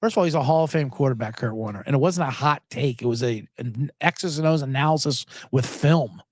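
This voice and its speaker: A man's voice: mid-range voice, a little fast, no room sound. A man hosting a sports show in casual, joking, rambling talk. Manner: animated, jokey, rambling.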